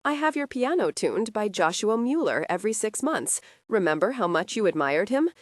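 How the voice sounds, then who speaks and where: A woman's voice: mid-range voice, big pitch swings, normal speed, dry recording, studio quality. A woman reading the part of a confused, doting older mother who rambles fondly about her daughter. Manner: gushing, rambling.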